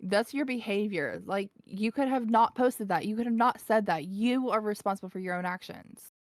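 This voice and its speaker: A woman's voice: medium pitch, moderate pace, no echo. Emphatic sweary woman, dry sound. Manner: emphatic, swears, repeats points for stress. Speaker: stream co-host. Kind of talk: heated live-stream chat.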